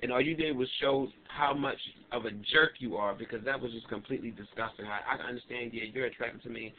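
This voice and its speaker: A young adult man vlogging, telling a story in an animated, emphatic and indignant way. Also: mid-range voice, fast talker. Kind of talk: casual ranting storytelling. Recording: tinny lo-fi webcam audio with faint hiss.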